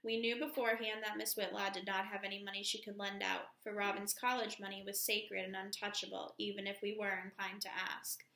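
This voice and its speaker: A woman teacher reads a novel aloud at a steady pace, calling out page numbers as she goes. Her voice is bright with a gravelly edge. It rings in an echoey room. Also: medium pitch, a little fast, few pauses. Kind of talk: reading a novel aloud to a class.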